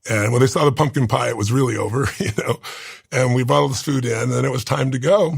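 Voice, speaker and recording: A man's voice: medium pitch, quick pace, creaky, slightly rough, no echo. A man in his sixties telling a personal story in an interview, earnest and heartfelt, close to tears at times. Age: 60s. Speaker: interview guest. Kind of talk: emotional storytelling.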